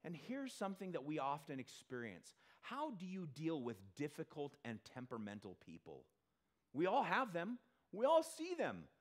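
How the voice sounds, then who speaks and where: Male pastor, slightly high voice, lively and swooping, chatty sermon to a congregation. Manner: animated, acts out quick character voices. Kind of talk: conversational sermon. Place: church in front of a congregation.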